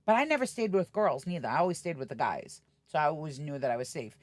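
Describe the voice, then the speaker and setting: A woman's voice: low-pitched, fast talker, dry recording. A middle-aged woman, a podcast guest, telling stories bluntly and acting out the voices of people she quotes. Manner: animated, acts out quoted voices; blunt, swears freely. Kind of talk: casual storytelling interview.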